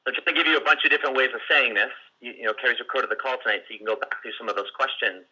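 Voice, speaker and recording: A man's voice: mid-range voice, rapid-fire, bright, forceful tone, slightly rough, dull audio. A man coaching salespeople on a group call, talking casually with lots of restarts and fillers. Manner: conversational, many restarts and fillers; acts out client and seller lines in quotes. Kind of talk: teaching on a recorded group call.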